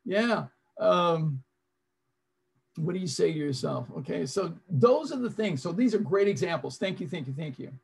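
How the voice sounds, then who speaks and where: A man's voice: a little high, expressive, moderate pace, vocal fry, husky. A man presenting an interactive online seminar over a video call, coaching his audience and repeating his prompts.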